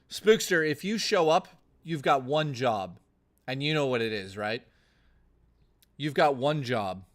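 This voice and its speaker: A male streamer talks to his live chat at an everyday mid pitch. He rants and swears in a loose, blustery way. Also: fairly bright tone. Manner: profane, blustery ranting to chat.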